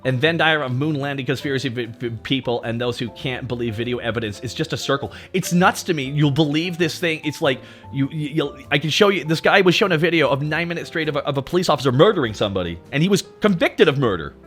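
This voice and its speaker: A man's voice: on the high side, quick pace, hardly any pauses, soft background music. Profane ranting male streamer. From Canada. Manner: profane, animated ranting, answers chat. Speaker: VTuber streamer. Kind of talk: livestream chat rant.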